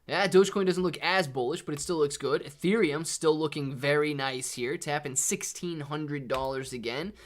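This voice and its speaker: Between bursts of market talk, a young man on a live trading stream excitedly calls out viewers by name to thank them. His voice sits on the high side, his pace is moderate, he barely pauses, and he sounds slightly breathless.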